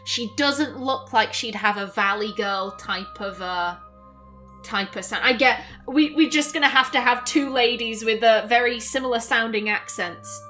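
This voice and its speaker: Woman let's-play host, slow, higher voice, chatty reading over soft music. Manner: chatty, self-correcting, narrates in first person. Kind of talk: reading a visual novel aloud with commentary.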